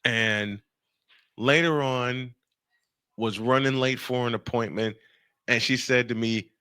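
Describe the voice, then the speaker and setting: A man hosting a radio show, telling a funny story in casual chat, animated and laughing often. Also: medium pitch, clear, resonant tone, no room sound, clean studio sound. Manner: animated, laughing, quick bursts of speech. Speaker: radio and podcast host.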